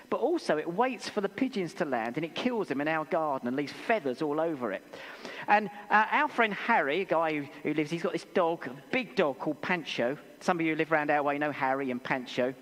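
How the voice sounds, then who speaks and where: A man with an English accent preaching a sermon in a church, telling stories with animated, acted-out voices. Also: a little high, fairly quick. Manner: animated storytelling, acts out voices. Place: church hall. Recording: long church reverb.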